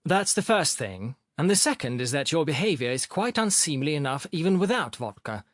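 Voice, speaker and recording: A man voicing an energetic young doctor, firm, insistent and lecturing. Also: a little high, a little fast, no echo, clean studio sound.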